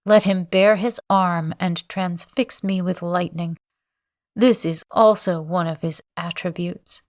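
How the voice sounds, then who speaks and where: A woman's voice: fairly low pitch, fairly even intonation, slow, a little mellow, dry recording, studio quality. A woman reading the part of a grief-maddened old man, bitter and raving, in a storybook reading. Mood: bitter scorn. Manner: anguished, bitter, raving cries.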